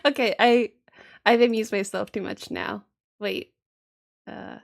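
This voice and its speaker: A woman's voice: mid-range voice, fairly even intonation, a little slow, gravelly. A woman streaming a game with casual chat, playful, giggly and self-mocking.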